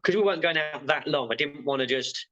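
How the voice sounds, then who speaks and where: A man's voice: fairly high pitch, a little fast, fairly bright tone, muffled recording. A male therapist being interviewed, talking frankly and rambling with lots of fillers. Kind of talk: casual interview chat.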